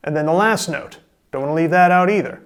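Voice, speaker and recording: Male drum instructor, patient and methodical, a touch high-voiced, recorded with clear background noise. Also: quick pace. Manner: calm, step-by-step coaching. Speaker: drum teacher. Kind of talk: instructional video lesson.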